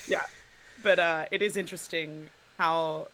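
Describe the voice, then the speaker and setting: A woman with an Australian accent, chatting casually as a podcast guest in an animated way and laughing often. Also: fairly low pitch, takes it slowly, pauses often, rough recording. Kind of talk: casual chat.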